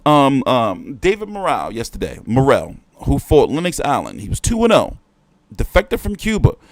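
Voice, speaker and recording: A man hosting a boxing livestream, ranting in heated, profane bursts. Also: no room sound. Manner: profane, heated ranting with swings in pitch and volume. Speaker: boxing show host. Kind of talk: livestream rant.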